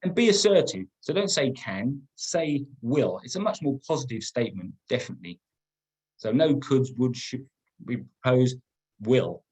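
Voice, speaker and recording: A man's voice: medium pitch, expressive, normal speed, darkish tone, husky, low-quality recording. A middle-aged man teaching a business-writing webinar, emphatic and often repeating words as he restarts. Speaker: business trainer.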